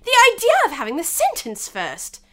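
A woman's voice: very high voice, sing-song, pushed and bright, pitched above the performer's own voice, heavily acted. A woman voicing an outspoken, indignant young girl in a storybook reading. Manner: outspoken, quick to protest.

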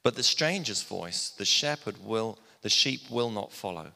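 A man's voice: lowish voice, lively intonation, a little slow, creaky, pushed and bright, big-room sound. A man preaching a sermon, telling the story in a plainspoken, conversational way. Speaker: pastor.

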